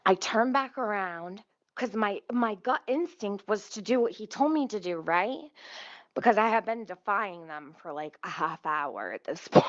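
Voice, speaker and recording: A woman's voice: medium pitch, animated, unhurried, no echo. A woman in her thirties telling a story casually, swearing a lot, sounding exasperated and laughing often. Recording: slightly muffled dry recording.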